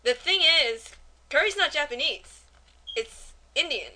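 A woman with a very bright, slightly high voice, chatting casually on a podcast. She rambles through a plot retelling, acting out the quotes as she goes. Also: animated, measured pace. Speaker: podcast co-host. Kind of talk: casual anime review chat.

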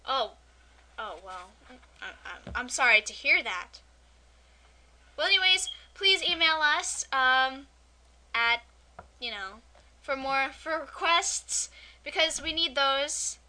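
Bright, high-voiced young woman, playful. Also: animated, slow, long pauses. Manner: giggly, rambling, playful. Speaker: podcast co-host. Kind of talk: casual chat.

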